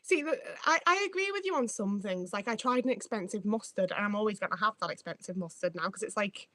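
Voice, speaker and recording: A woman's voice: mid-range voice, lively intonation, fast, fairly bright tone, dry recording. A young woman with a Northwest English accent, chatting casually and self-mockingly with viewers from her home, with plenty of swearing. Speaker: streamer. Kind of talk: casual livestream chat with viewers.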